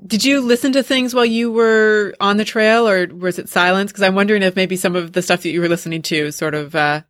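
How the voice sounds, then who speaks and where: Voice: mid-range voice, fairly quick, a bit bright, no echo, studio quality. Interview host asking wordy questions.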